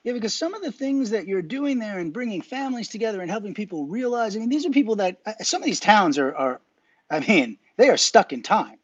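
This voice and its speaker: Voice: mid-range voice, animated, brisk, breathy edge, dry recording, highs cut off. An enthusiastic host interviewing a guest in casual chat, effusive and full of praise.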